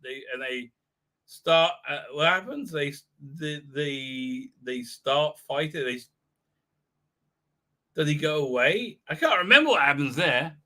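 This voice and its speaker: A show host with a very bright, ringing voice, pitched a little high for a man, talks through a show on a live stream. He rambles expressively and unhurriedly, full of filler and mockery, and keeps slipping into goofy put-on voices.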